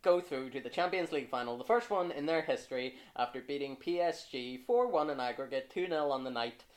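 A man's voice: mid-range voice, fairly quick. A man hosting a football podcast, chatting casually with lots of fillers and the odd swear. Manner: relaxed, lots of fillers, swears when annoyed. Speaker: podcast host.

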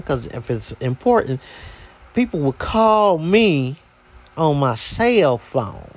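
A man's voice: on the high side, sing-song, measured pace. A man hosting a podcast, telling a story in a casual, slangy, exasperated way. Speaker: podcast host.

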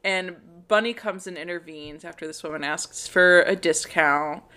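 A woman co-hosting a casual podcast, retelling a TV episode scene by scene. She slips into quick quotes of the characters' lines as she narrates. Her voice sits on the low side. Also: bright, forceful tone. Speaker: podcast co-host. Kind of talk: casual chat recapping a TV show.

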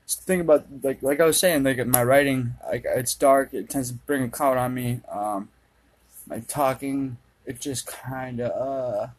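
A young man from Minnesota talks on his solo podcast in a rambling, laid-back way, swearing freely as thoughts come to him. His voice is husky and a little breathy, sitting at an ordinary middle pitch. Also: fairly even intonation, normal speed, poor audio. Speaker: podcast host. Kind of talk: casual solo podcast monologue. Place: dark room at home with a fan running.

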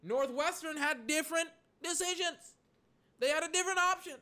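Young guy rambling through live game reactions, high bright voice, gets all worked up and exasperated. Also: normal speed. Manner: excitable, rambling, exasperated asides.

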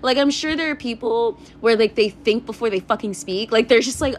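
A woman's voice: a little high, animated, moderate pace, hardly any pauses, slight background noise. Rambling, candid young woman podcaster. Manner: candid and rambling, many fillers, swears, laughs often. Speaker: podcast host. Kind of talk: casual solo podcast monologue.

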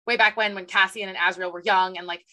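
Bright-voiced woman podcaster, animated. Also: mid-range voice, fast talker. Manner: animated, acts out characters' lines. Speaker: podcast co-host. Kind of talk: casual chat.

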